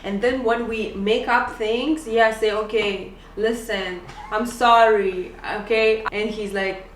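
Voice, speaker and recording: A woman's voice: fairly high pitch, fairly even intonation, slow, slight background noise. A young woman co-hosting a couple's channel, chatting casually and animatedly, often laughing as she tells stories. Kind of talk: casual chat. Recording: roomy, slightly distant mic, faint ambience.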